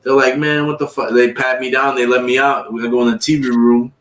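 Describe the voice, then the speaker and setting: A man's voice: medium pitch, little pitch movement, a little fast, a bit bright. A man telling long, profane, rambling stories on a livestream and acting out what other people said. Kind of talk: casual storytelling. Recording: echoey room, far from the mic.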